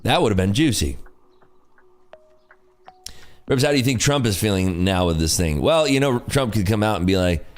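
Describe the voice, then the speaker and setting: A very deep-voiced man hosts a trading livestream in loose, rambling chat, full of "like" and "you know". His pitch swings widely as he talks, and faint music plays behind him. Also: very animated, fast talker. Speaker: day-trading livestream host. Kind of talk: casual livestream commentary.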